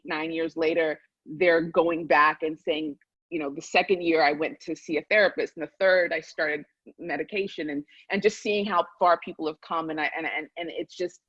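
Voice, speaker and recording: A woman's voice: deep voice, no room sound. A woman author talking earnestly over a video call, restarting her sentences often. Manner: earnest, many restarts, grows emotional. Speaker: guest author. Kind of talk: heartfelt conversational talk. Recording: dull lo-fi video call audio.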